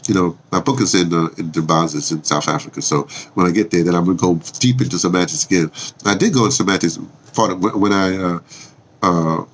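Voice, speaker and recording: A man's voice: deep voice, quick pace. An older man from the Bronx, a vlogger rambling casually with lots of fillers and restarts. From New York, the Bronx.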